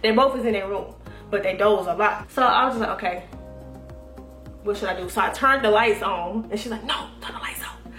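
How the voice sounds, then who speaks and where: A young woman telling a profane, animated story to her viewers, quoting herself and her friends as she goes. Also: medium pitch, fairly quick. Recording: echoey room with faint music.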